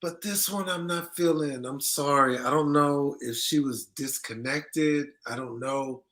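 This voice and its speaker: A man's voice: medium pitch, unhurried, a bit bright. A man hosting a casual news commentary show, talking in a conversational, emphatic way and often repeating himself. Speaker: host.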